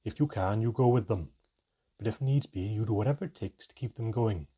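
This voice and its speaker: A commanding goblin elder, put on by a man reading a storybook, talks in a low, urgent, firm way. His voice is deep-set and husky, with a dark, mellow tone. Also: normal speed.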